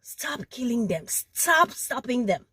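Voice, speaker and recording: A woman's voice: fairly high pitch, sing-song, takes it slowly, bright, forceful tone, breathy edge, no room sound. A woman makes an impassioned appeal straight to camera. She is emphatic, repeats phrases and stumbles over words, and she is sweating in the heat. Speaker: vlogger.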